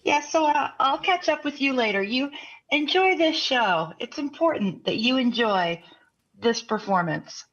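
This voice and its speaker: A woman at a tabletop game talks through her character's moves in a playful, scheming way. Her voice is husky and fairly high, and the sound is a bit dull, with faint music behind. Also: expressive, a little slow, fairly bright tone. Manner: playful and mischievous. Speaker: player.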